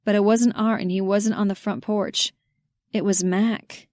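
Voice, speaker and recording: Lively female romance narrator, mid-pitched, close dead-dry studio read. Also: a little slow, no echo. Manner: lively, gives characters their own voices. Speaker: audiobook narrator. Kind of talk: scripted romance audiobook narration.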